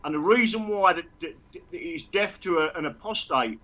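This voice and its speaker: A man's voice: fairly high pitch, animated, brisk, pushed and bright, muffled recording. A man talking heatedly on a live stream, stammering and repeating himself.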